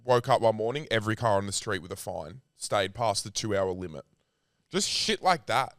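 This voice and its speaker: A man's voice: fairly low pitch, expressive, moderate pace, fairly bright tone, dry recording, studio quality. An Australian man co-hosting a podcast, bantering in a laid-back, sweary way. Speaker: podcast co-host. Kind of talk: casual chat.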